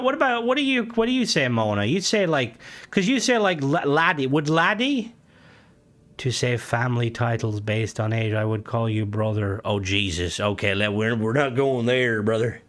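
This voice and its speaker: A young Irish man chatting on a game stream in a jokey, profane way. His voice sits at a middle pitch for a man and leaps much higher whenever he gets excited or indignant. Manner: jokey and profane, voice jumping high when worked up. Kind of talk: casual live-stream chat, reading comments.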